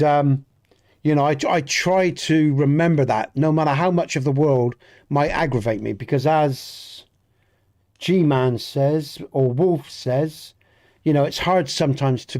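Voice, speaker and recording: Game streamer, male, southwest Dorset accent, a touch higher than most men, earnest and rambling with live chat. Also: measured pace, a little mellow. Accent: Dorset, Southwest England. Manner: rambling, earnest, repeats and restarts words. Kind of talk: casual chat with live viewers.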